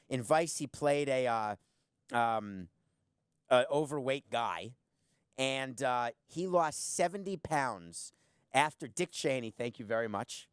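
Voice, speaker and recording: A man's voice: medium pitch, clean tone, no echo, studio quality. Blunt, sarcastic male podcast host. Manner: blunt, sarcastic, rhetorical questions. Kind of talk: opinionated solo commentary.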